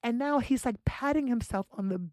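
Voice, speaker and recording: A woman's voice: brisk, no room sound. A young adult woman hosting a podcast, telling a dating story in a casual, profane way and acting out the quotes. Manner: animated, profane, acts out quotes with big pitch jumps. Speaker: podcast host.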